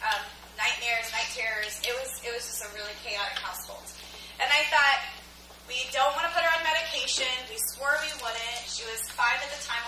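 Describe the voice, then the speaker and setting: A woman giving an animated motivational business talk, telling stories with a sarcastic edge. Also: a little high. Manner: animated storyteller who voices her friends; self-described sarcastic. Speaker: speaker at a sales training event. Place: event hall. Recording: echoey hall from far off with noise.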